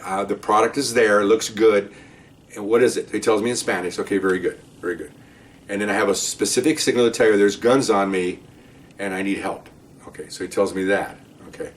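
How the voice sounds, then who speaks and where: A middle-aged man telling police stories in casual storytelling style, animated and acting out the dialogue. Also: a little hiss or hum. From Latino. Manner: animated, acts out dialogue with raised pitch. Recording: voice a bit far from the mic.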